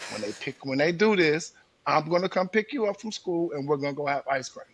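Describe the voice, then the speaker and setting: Animated, laughing male storyteller. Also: on the high side, brisk, breathy edge, no room sound. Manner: animated, laughing storyteller who acts out quotes. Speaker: podcast co-host. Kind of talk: casual storytelling chat.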